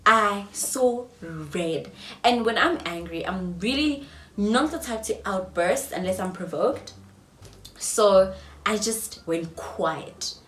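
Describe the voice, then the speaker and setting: A young South African woman in her twenties telling a storytime vlog, swinging between loud outbursts and hushed whispers. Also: medium pitch, lively intonation, slow pace. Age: 20s. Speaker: vlogger. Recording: roomy echo, mic at a distance, faint ambience.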